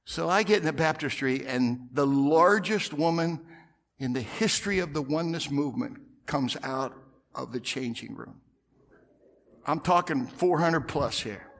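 A middle-aged male pastor telling a story in a sermon, swinging from loud outbursts to hushed whispers. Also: on the high side.

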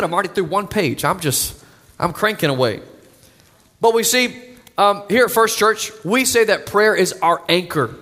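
A man's voice: sits high, fairly bright tone. A young adult male pastor preaching a sermon, earnest and building to emphatic declarations. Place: church sanctuary. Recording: long reverb of a church hall.

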